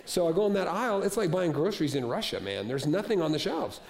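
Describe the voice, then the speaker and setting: A male preacher with a fairly high voice speaks to his congregation in a church. He talks plainly and conversationally, repeating key phrases for emphasis. His storytelling turns animated and humorous. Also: fast, gravelly. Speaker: pastor. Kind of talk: sermon.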